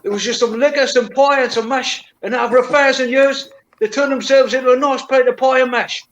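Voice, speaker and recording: A man's voice: extremely high pitch, steady tone, brisk, a bit bright, a little hiss or hum, voice pushed up, low-quality recording. A man putting on a jaunty geezer. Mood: jovial. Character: cheery London market-trader type, man.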